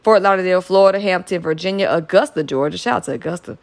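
A woman's voice: on the low side, fast, gravelly. Chatty woman podcaster. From Metro Atlanta, US South. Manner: chatty and upbeat, with frequent "y'all" and laughs. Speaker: podcast host. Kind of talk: casual solo podcast shout-outs.

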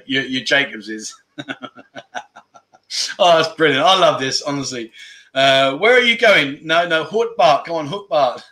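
A man's voice: fairly high pitch, pushed and bright. A man from England hosting a casual livestream, reading out viewer comments and laughing often between lines. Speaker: livestream host.

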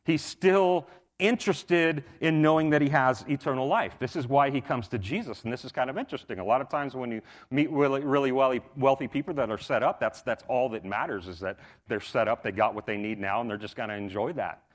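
A man's voice: medium pitch, fairly quick. A middle-aged man preaching a sermon in a casual, conversational way, repeating himself and using fillers. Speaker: pastor.

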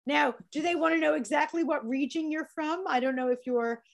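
A woman's voice: high voice, fairly quick, creaky, a little hiss or hum. A woman with a New York accent hosting an interview, chatty and encouraging with her guest. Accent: American. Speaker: interview host. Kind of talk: casual interview chat.

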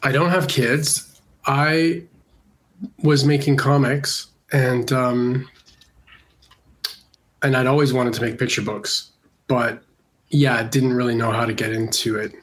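A man's voice: mid-range voice, steady tone, slow pace, long pauses. A Canadian-born illustrator, a man with a congested voice from a cold, talking casually and hesitantly with many fillers in an interview. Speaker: illustrator guest.

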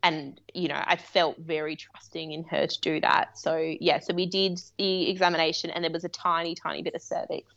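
Low-voiced woman telling a candid story. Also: flat delivery, a little fast, vocal fry, a bit bright, dull audio. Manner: candid and rambling, laughing often. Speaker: interview guest; midwife. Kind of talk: personal storytelling in a remote interview. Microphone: remote call.

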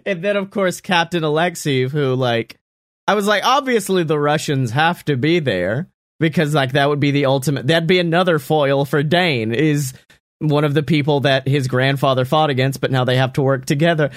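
A man's voice: fairly high pitch, normal speed, dry recording, studio quality. A young man who creates and voices a show, chatting casually and animatedly, laughing often and swearing freely. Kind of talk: casual podcast chat.

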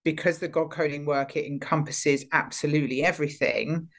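A woman with a low, steady voice talks briskly as a guest on a casual podcast. An energy healer and coach, she speaks reflectively, often circling back while she looks for the right words.

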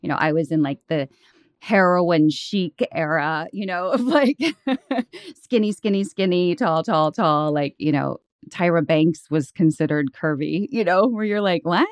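Relaxed middle-aged woman guest, talkative, dry mic. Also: on the low side, measured pace, no echo. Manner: chatty, fillers, laughs often. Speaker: podcast guest, author. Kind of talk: casual interview chat.

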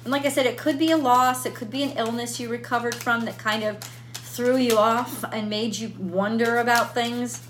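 A woman talks through a tarot reading in a bright, fairly high voice. She thinks aloud, repeats her questions and restarts her sentences. A faint hum sits under the recording. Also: fairly even intonation, moderate pace. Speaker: tarot reader. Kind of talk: casual spoken tarot reading.

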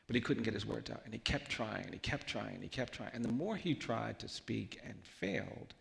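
Man, gravelly voice, earnest storyteller, softens to near-hush; big hall with long reverb. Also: mid-range voice. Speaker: guest speaker, lawyer. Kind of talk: personal storytelling on stage. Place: large event hall.

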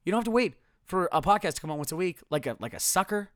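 A man's voice: high-pitched, expressive, rapid-fire, no room sound, studio quality. A man hosting a casual solo sports podcast, sarcastic and self-mocking, his voice a bit strained. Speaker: podcast host.

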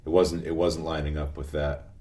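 A middle-aged man from New England, a podcast guest telling stories in a relaxed, halting way, often restarting his sentences. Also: extremely low pitch. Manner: relaxed, halting, restarts phrases, many murmured agreements. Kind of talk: conversational interview.

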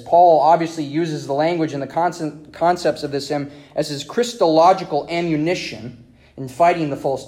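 A man's voice: a little high, dark tone. A man preaching an earnest, explanatory sermon. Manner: earnest, explanatory, with occasional restarts.

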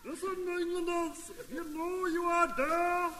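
An actor playing a scheming German enemy officer with an exaggerated fake German accent, in a 1950s radio comedy. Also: male voice, very high voice, fairly even intonation, unhurried, sharp tone, reverberant, slight background noise, exaggerated voice. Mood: taunting. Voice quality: mock-German bark.

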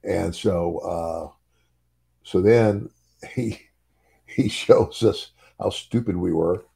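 A man's voice: low voice, very slow, vocal fry, dark tone, breathy edge. An older man and former wrestler telling a story in casual chat, chuckling often and repeating words as he goes.

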